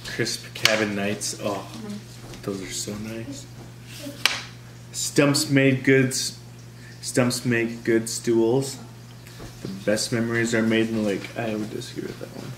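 A man's voice: medium pitch, fairly even intonation, takes it slowly, pauses often. A man chatting casually in a family vlog, rambling and restarting his sentences as he explains things. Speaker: vlogger, father. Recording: echoey with clear background noise.

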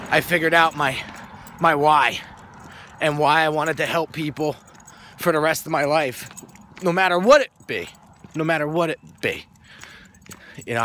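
A man's voice: mid-range voice, sharp tone, slight background noise. A man casually telling a personal story to camera, earnest, often repeating words as he searches for them. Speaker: motivational vlogger.

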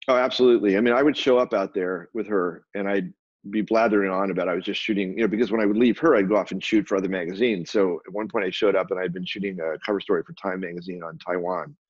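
A man's voice: sits low, fairly even intonation, fast talker, slightly rough, no room sound. An American man as an interview guest, rambling through candid stories and acting out what others said to him. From United States. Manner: rambling, acts out quoted dialogue. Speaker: guest photographer and publisher. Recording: dull lo-fi dry recording.

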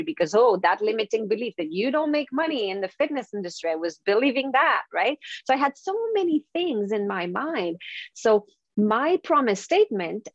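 A woman's voice: mid-range voice, no echo, dull audio. A woman from Quebec with a French Canadian accent, French her first language, telling stories as a podcast guest and confidence coach, laughing often and restarting phrases. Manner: animated storytelling, laughs often, many restarts. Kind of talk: podcast interview conversation.

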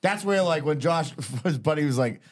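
A man's voice: on the high side, animated. A man co-hosting a podcast, easygoing and agreeable in casual conversation. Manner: easygoing, agreeable, quick to laugh. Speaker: podcast co-host. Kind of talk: casual chat.

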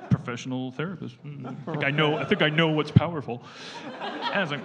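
A man in his forties hosting a live comedy podcast, telling a rambling story and cutting himself off often, with sudden loud bursts. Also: a little high, normal speed, a crowd in the background. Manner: rambling, self-interrupting, with sudden loud outbursts. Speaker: podcast host.

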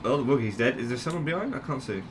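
A young man giving casual gameplay commentary, unhurried, swearing and laughing at his own plays. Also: medium pitch, animated, background noise. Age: young adult. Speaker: gaming channel host.

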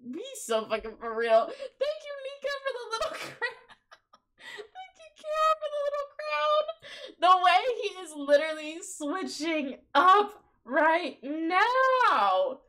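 A young woman, live-streaming and commenting on her game in an excitable, gossipy way, swearing freely and breaking into laughter. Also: very high voice.

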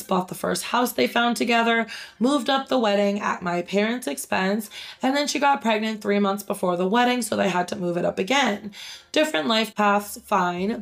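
Gravelly-voiced woman reading reddit posts and ranting, blunt, swears a lot, bit high. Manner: blunt, opinionated, swears freely. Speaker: reaction video host. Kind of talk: reading and commenting on online posts.

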